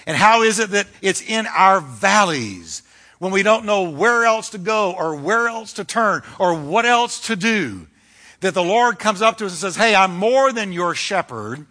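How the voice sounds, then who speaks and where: A male pastor delivering a fiery, emphatic sermon, swinging between loud declarations and hushed lines. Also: high voice. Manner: fiery, emphatic preaching with dramatic shifts.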